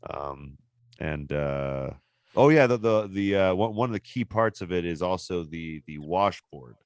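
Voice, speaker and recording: A low-voiced man hosting a casual podcast, rambling through his explanations with plenty of ums and uhs. His voice is smooth and clear, recorded dry and close to the mic. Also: animated, measured pace, dry recording. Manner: loose, rambling explanations with frequent fillers. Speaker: podcast host.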